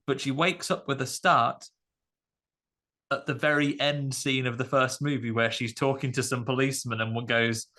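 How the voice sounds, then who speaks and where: A man's voice: medium pitch, steady tone, normal speed, pushed and bright. A man hosting a podcast, chatting wryly in a loose, filler-heavy way. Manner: chatty, wry, many fillers. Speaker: podcast host. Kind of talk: casual chat.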